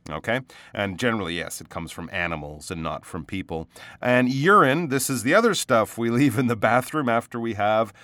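A male pronunciation teacher talks through a casual lesson in a fairly low voice. He is patient and repeats each word slowly to model it. The sound is dry and close, with no room around him. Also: a bit bright, dry recording. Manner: patient, explains words slowly and repeats them.

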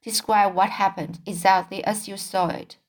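A woman voicing a calm, authoritative male judge in a storybook reading, speaking in a measured way. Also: mid-range voice, lightly acted.

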